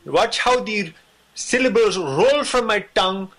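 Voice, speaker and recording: A man voicing a pompous, flowery figure who lectures on the correct way to say a word, speaking grandly and slowly. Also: high voice, lively intonation, a bit bright, exaggerated voice. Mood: grandiose. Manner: grandiose, flowery, slow-spoken. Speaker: video maker.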